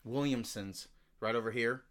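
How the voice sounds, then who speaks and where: A man co-hosting a casual podcast, ranting in an animated way and swearing freely. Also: mid-range voice, moderate pace. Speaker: podcast co-host. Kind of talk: casual chat.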